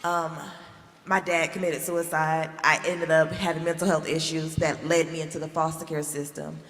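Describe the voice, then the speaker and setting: A woman's voice: low-pitched, level tone, normal speed, a bit bright. A woman in a conference hall, speaking in a heartfelt, personal way. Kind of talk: conference panel talk. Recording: distant, echoey hall, faint noise.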